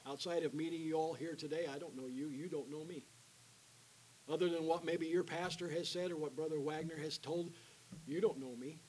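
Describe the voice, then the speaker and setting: A man preaching an evangelistic sermon in a church, calling out to the congregation for responses and dropping to a hushed voice for the invitation. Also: fairly high pitch, steady tone, moderate pace, a little hiss or hum, rough recording. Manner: call-and-response with the congregation, alternating loud and hushed. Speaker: guest preacher. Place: church sanctuary.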